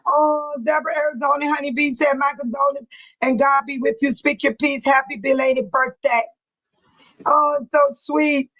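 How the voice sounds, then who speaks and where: Woman, livestream host, emotional, preachy talk, a touch high. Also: steady tone, moderate pace, a bit bright, poor audio. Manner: emotional, reads viewer comments aloud, preachy. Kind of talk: casual livestream chat.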